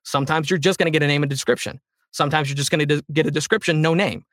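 A high-energy man explains voice acting in a casual interview, animated and quick to act out what others said. His voice sits fairly high, and the sound is dry and close. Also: dry recording. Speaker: voice actor guest.

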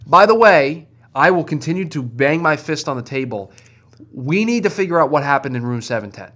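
A man's voice: fairly high pitch, animated, a little fast, a bit bright. A man co-hosting a podcast in casual chat, emphatic and insistent as he builds his points step by step. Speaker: podcast co-host.

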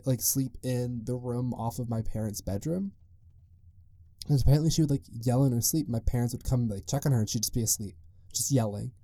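A man's voice: medium pitch, dark tone, no echo, clean studio sound. A young man hosting a casual solo podcast, rambling with lots of "like" and frequent chuckles. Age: young adult. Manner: rambling, peppered with "like", chuckles often. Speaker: podcast host.

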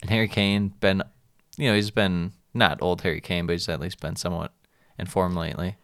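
Male podcast co-host, low clear voice, dry close sound, loose rambling chat. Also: brisk, no room sound. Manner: relaxed, rambling, laughs often. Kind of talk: casual sports chat.

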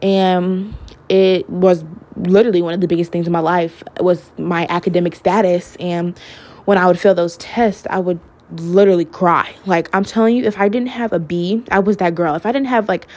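A woman's voice: fairly low pitch, steady tone, normal speed, darkish tone. A young adult woman hosting her own podcast, talking in a candid, chatty way, filling her talk with "like" and "literally" and laughing now and then. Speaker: podcast host. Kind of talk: casual solo podcast monologue.

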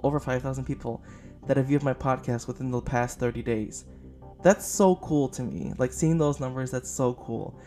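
A man's voice: mid-range voice, a little mellow. A man hosting a casual podcast film review, rambling and gushing with many fillers, tired and up late. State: short on sleep, up late. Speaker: podcast host.

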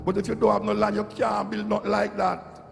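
A man's voice: sits high, little pitch movement, brisk, vocal fry. A middle-aged Jamaican man giving an impassioned, preachy monologue, repeating phrases to drive his points home. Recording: echoey hall with loud music.

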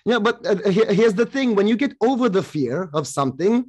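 A man from Romania, a guest on a podcast, speaks bluntly in a casual chat. His voice is clearly high for a man. He laughs often and drops swear words without effort. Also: big pitch swings, fairly quick, a little mellow. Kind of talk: casual conversation.

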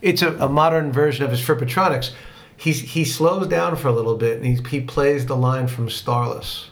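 A man in the middle pitch range co-hosts a relaxed podcast about rock history. He tells anecdotes in a lively way and slips into acting out quotes as he goes. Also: normal speed. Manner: animated storyteller who acts out quotes. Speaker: podcast co-host. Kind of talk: casual chat about rock music.

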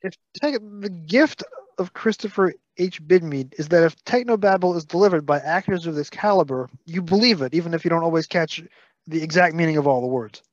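A man from Brooklyn, New York, with a Brooklyn accent co-hosts a podcast in casual chat, packing in detailed facts and playful scolding. His voice is on the high side and a little fast, and the recording is dry and dull.

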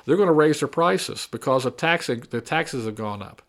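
A man's voice: medium pitch, animated, moderate pace, a bit bright. A man delivering a combative opinion monologue, repeating and mocking his opponents' arguments. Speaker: political commentator.

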